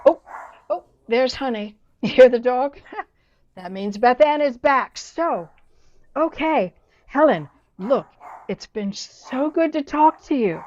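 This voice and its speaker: Older woman guest, a little high voice, halting and unsure, muffled lo-fi line. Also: expressive, a little mellow. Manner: hesitant, halting, self-doubting. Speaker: guest, old friend. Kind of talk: casual chat between old friends. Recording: dull lo-fi remote line.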